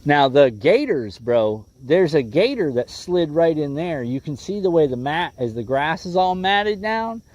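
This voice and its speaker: A man's voice: a little high, expressive, measured pace, hardly any pauses, a little mellow, muffled recording. A man hosting a casual fishing livestream from a boat, laid-back and calling viewers "bro" and "bud.". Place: outdoors on a boat on a lake.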